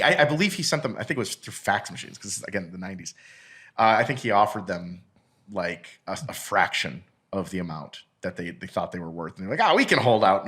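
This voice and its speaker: A man with a fairly low voice holds forth as a podcast guest, telling a long story in casual chat. He rambles, swears freely and trips into restarts and fillers, then picks the thread back up. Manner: rambling, animated, profane, many fillers and restarts.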